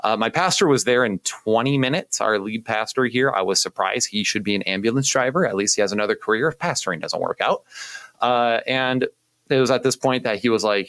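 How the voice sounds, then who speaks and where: Lively young man telling a story. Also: medium pitch, fairly quick, no room sound. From Indiana, US. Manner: animated, self-deprecating, acts out quotes. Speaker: youth pastor, podcast co-host. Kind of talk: casual storytelling.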